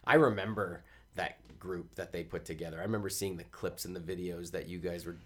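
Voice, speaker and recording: A very deep-voiced man co-hosts a relaxed interview. He keeps up a quick, jokey banter with the guest. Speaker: co-host. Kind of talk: casual interview chat.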